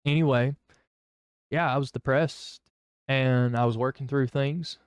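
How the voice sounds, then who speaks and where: A man's voice: medium pitch, fairly even intonation, a little slow, clean tone, no room sound, studio quality. A young man telling his personal testimony in a rambling, candid way, full of fillers and restarts. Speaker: vlogger.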